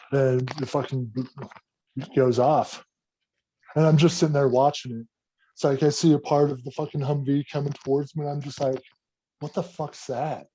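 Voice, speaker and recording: Veteran guy swearing his way through a war story, mellow low-key tone. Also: a little hiss or hum, low-quality recording. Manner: profane, animated war-story telling. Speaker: podcast guest, army veteran. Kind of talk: casual storytelling.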